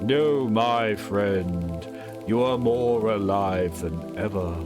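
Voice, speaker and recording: A man voicing a slow, beckoning cosmic whale spirit. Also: lowish voice, music in the background, voice pushed down.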